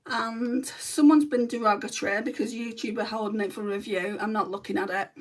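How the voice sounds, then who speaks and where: This makeup livestreamer, a North West England woman with a Lancashire accent, talks bluntly and casually to her viewers as she applies makeup. Her voice sits a little high with fairly even intonation and a slightly fast pace, recorded from a distance.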